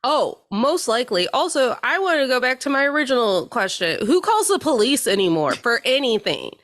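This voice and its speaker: A woman co-hosting a podcast in casual chat, animated and sassy, often slipping into mocking voices. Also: sits high, normal speed. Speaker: podcast co-host.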